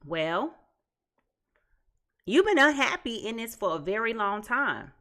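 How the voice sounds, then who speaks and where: A woman's voice: on the high side, big pitch swings, slow pace. A woman giving a casual tarot reading to viewers, emphatic and chatty, stacking repeated phrases and restarting often. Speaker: tarot reader.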